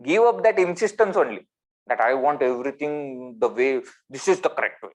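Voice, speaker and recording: Animated Indian English spiritual teacher. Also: male voice, medium pitch, normal speed. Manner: animated, rhetorical questions, swings between loud and soft. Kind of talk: spiritual discourse. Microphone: video call.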